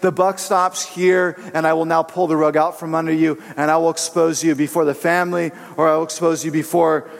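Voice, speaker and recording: A man's voice: fairly high pitch, flat delivery, fairly quick, creaky, hardly any pauses. A man acting out God as a stern male voice, sternly warning and rebuking people who try to be sneaky. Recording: long reverberant hall.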